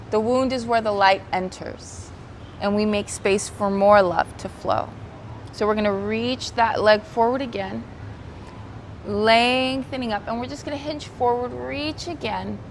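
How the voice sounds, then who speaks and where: A woman teaching a guided yoga class outdoors by the ocean, giving gentle, soothing, unhurried cues and slipping into Spanish now and then. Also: on the high side, slight background noise. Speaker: yoga instructor.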